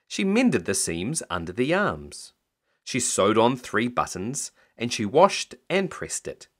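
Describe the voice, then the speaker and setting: A man reading a picture book aloud as a bedtime story, in an expressive storytelling manner. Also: medium pitch.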